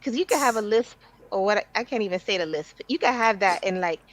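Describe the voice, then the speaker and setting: A woman's voice: medium pitch, expressive, fairly quick. A woman guest on a livestream panel, speaking hesitantly and trailing off mid-sentence in casual chat.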